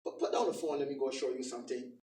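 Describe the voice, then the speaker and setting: Man acting out a pushy male car salesman, low and persuasive, distant roomy mic. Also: very fast, dark tone, natural voice.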